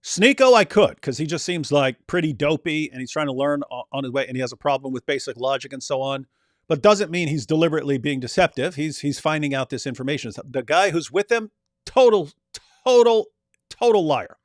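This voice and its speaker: A man with a fairly high voice, recorded close and dry with no room sound. He comments on clips in an emphatic, insistent way, answering his own rhetorical questions. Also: fast, dry recording. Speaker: commentator reacting to street debate clips. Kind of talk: critical commentary over replayed clips.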